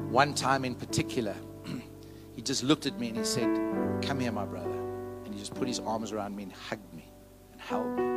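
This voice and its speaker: Guy pastor preaching, call and response with the church, personal testimony, piano playing loud behind him. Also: mid-range voice. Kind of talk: sermon. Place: church service. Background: piano music.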